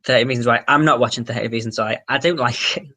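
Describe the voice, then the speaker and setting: A young Englishman chats through a casual livestream, answering viewers' questions with excitable energy. His voice is sharp and bright with a gravelly rasp underneath, and he swears casually as he talks. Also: mid-range voice, fast talker. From England. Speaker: livestream host.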